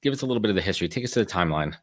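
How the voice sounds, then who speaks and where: A man's voice: sits low, animated, racing. A man hosting a live podcast interview, chatty and enthusiastic as he asks questions. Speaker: podcast host.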